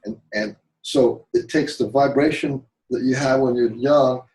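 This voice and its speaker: A man's voice: medium pitch, fairly even intonation, a little slow, darkish tone, low-quality recording. A man giving a rambling spiritual monologue, full of repeated words and restarts, swearing and turning dramatic. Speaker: spiritual talk show guest.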